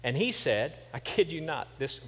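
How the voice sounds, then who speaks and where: A man's voice: fairly high pitch, sing-song, normal speed, a bit bright, husky, long reverb tail. A middle-aged male pastor from Kansas preaching a sermon, telling stories with humor and then pressing his points with emphasis. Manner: conversational storytelling with humor, building to emphatic points. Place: church sanctuary.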